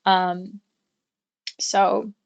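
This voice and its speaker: A woman's voice: medium pitch, level tone, very slow, creaky, dull audio. A young adult woman livestreaming from her bedroom at home, chatting casually in a rambling way and swearing now and then. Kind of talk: casual chat.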